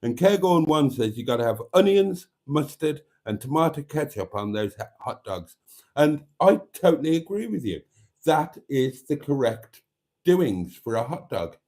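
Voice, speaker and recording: A chatty man hosting a live stream, reading viewer comments aloud and joking at his own expense. His pitch rises and falls a lot, and his tone is dark and mellow. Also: big pitch swings, moderate pace. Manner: chatty, wry, self-mocking, reads out viewer comments.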